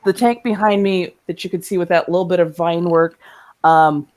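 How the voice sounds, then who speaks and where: A woman's voice: on the low side, fairly even intonation, moderate pace, darkish tone. A woman co-hosting a casual chat, telling a story animatedly, acting out voices and laughing often, heard over a video call. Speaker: podcast co-host.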